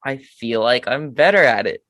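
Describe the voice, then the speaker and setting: A young woman with a breathy voice, co-hosting a fan show, chatting hesitantly and repeating herself. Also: rumbling low, lively intonation, normal speed, a bit bright, no room sound. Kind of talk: casual chat.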